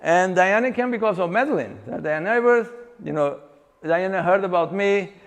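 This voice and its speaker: Speaking in a high voice at a seminar venue, a male fitness coach tells lively stories and plays out client dialogue. His delivery is halting, packed with restarts and fillers, and the recording echoes with long hall reverb.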